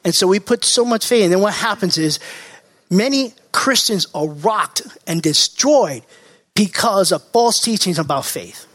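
A male pastor delivers a sermon in a fairly high voice. He drives his points home by repeating key words and phrases, and he now and then mocks other preachers. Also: expressive, unhurried, fairly bright tone. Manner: mocking impressions of TV preachers.

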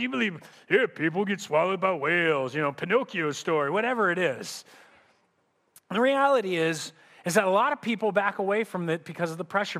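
High-voiced pastor preaching in an echoey hall. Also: male voice, a bit bright. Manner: vivid storytelling with restarts. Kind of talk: sermon. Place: church sanctuary. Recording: echoey church hall reverb.

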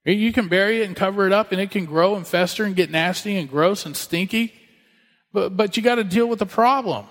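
A man's voice: high-pitched, brisk, a bit bright, in a large hall. A man in his thirties preaching a sermon as a pastor, conversational with joking asides.

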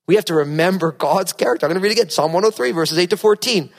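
A man's voice: high voice, quick pace, few pauses. A pastor preaching a sermon and reading scripture aloud, earnest, often restarting his sentences. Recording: long hall reverb.

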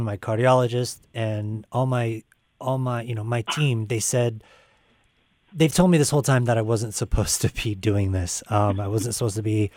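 An earnest young man talks on a live call-in show, stopping often with fillers as he gathers his thoughts. His voice sits at a middling pitch. The sound is dry and close. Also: dry recording. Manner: earnest, halting with many fillers. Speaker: guest musician. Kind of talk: casual live radio talk.

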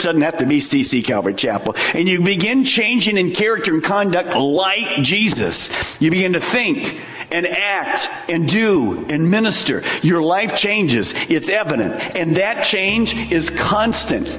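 A pastor preaches with a high, lively voice, pressing his points hard and slipping in jokes for the congregation. His voice rings out with a long echo through a large church hall. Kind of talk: sermon. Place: church sanctuary.

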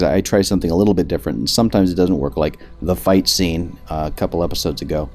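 Low-voiced guy hosting his podcast, rambly and self-mocking, a little music in the back. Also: fast talker, few pauses, darkish tone. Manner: rambling, self-deprecating, jokey. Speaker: podcast host. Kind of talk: casual chat.

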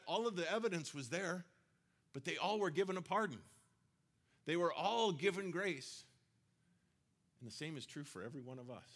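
A man with a slightly high voice delivers a sermon. He keeps it conversational and slips into quoted voices to make his points. The tone is that of a pastor talking to his congregation. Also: a bit bright.

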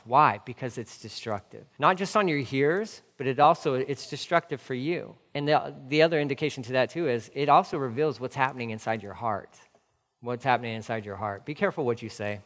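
A man's voice: medium pitch, a little fast, fairly bright tone, long reverb tail. A man preaching a sermon as a pastor, fired up, repeating his phrases and firing off rhetorical questions.

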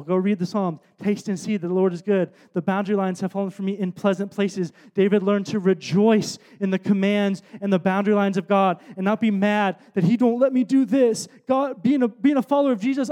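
High-voiced man preaching a sermon. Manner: storytelling, shifts between soft asides and loud emphatic bursts. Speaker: pastor. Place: stage before a congregation.

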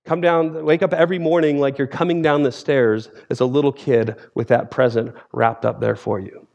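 A man in his forties, a theology professor preaching a sermon as guest speaker, telling stories in a lively way and acting out scenes. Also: mid-range voice, moderate pace, gravelly, lo-fi sound. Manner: lively storytelling, acts out scenes.

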